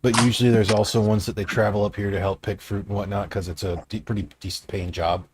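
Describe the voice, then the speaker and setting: A man from Michigan, co-hosting a casual voice-chat podcast and telling stories in an animated, profane way. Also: lowish voice, fast, breathy edge. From Michigan, United States. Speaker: podcast co-host.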